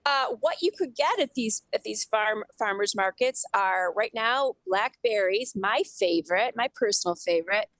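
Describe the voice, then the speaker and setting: A woman's voice: mid-range voice, expressive, normal speed, hardly any pauses, fairly bright tone, no room sound, poor audio. Chatty woman co-hosting radio over video call. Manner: chatty, upbeat, informative. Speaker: radio co-host. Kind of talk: casual radio chat.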